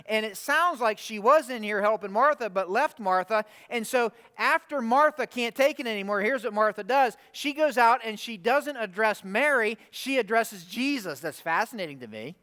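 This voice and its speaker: A man preaching a conversational sermon, animated, often asking the room rhetorical questions. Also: sits high, moderate pace. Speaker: pastor. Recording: long hall reverb.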